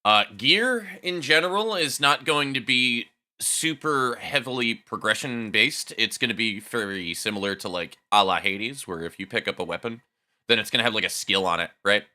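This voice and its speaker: A man's voice: medium pitch, expressive, normal speed, pushed and bright. A man casually chatting on a live game dev stream, swearing freely and talking to his chat.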